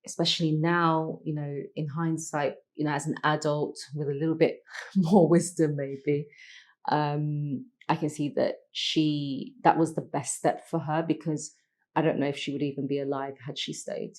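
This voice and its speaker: A middle-aged woman, a podcast guest telling a personal story in a reflective, halting way, with many pauses and restarts. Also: sits low, flat delivery, darkish tone. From London, England.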